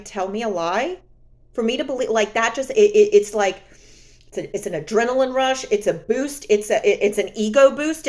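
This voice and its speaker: A woman's voice: a little high, darkish tone. A woman vlogger talking straight to camera in a sassy, indignant, emphatic way. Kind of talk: candid vlog monologue.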